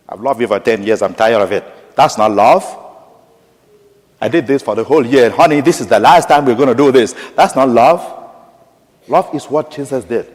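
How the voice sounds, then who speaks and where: A male pastor with an African accent preaching a sermon, swinging between hushed lines and loud, emphatic ones. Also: medium pitch, normal speed. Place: large church. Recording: long church reverb.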